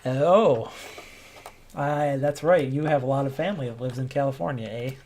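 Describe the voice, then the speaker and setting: A man's voice: medium pitch, normal speed, a little mellow. A man hosting a casual let's-play, joking and sarcastic while he plays. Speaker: host.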